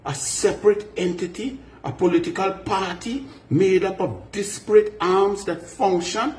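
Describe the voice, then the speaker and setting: Trinidadian guy ranting about politics, kinda high voice, firing questions at the person he's calling out, echoey room. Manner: combative, addresses his target directly with repeated rhetorical questions. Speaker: political commentator. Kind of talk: direct-to-camera political rant.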